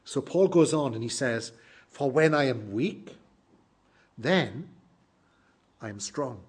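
Husky-voiced man preaching a sermon. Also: mid-range voice, animated, takes it slowly. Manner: earnest, emphatic, swings between loud exclamations and hushed lines.

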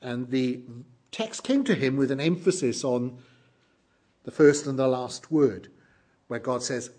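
A middle-aged man preaching a sermon, earnest and emphatic, moving between loud exclamations and hushed lines. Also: mid-range voice, a little slow, long pauses.

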